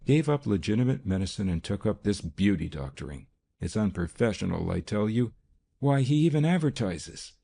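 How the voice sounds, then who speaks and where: A man with a gravelly voice playing a scornful male doctor who grumbles in a snorting, disapproving way. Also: lowish voice, very animated, normal speed, mellow, full character voice.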